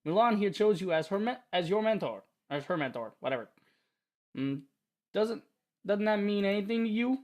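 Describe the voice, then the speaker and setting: A man's voice: sits high, lively intonation, normal speed. A man voicing a confident young male mage in a put-on New York accent, trying to talk a friend out of leaving. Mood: pleading.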